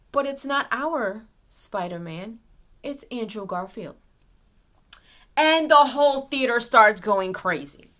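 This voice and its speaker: A woman giving a casual spoiler movie recap, retelling scenes excitedly with lots of fillers and restarts. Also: high-pitched. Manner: excited retelling, acts out characters' lines. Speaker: movie reviewer.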